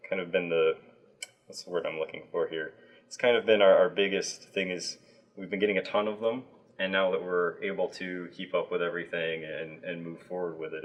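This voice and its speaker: A man hosting a livestream, chatting casually with a guest, with plenty of fillers and restarts. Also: deep voice. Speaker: livestream host.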